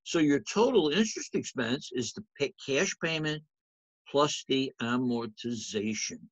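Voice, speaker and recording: A man's voice: medium pitch, expressive, a little slow, dry recording, dull audio. A man teaching accounting in a lecture over slides, talking in a conversational way and asking the class rhetorical questions. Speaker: accounting instructor.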